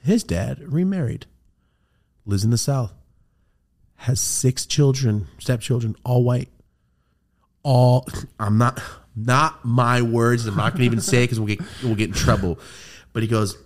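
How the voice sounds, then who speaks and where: A man hosting a podcast, telling a story in casual chat, animated and swearing a lot. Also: mid-range voice, measured pace. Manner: animated, swearing, quoting friends in put-on voices. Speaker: podcast host.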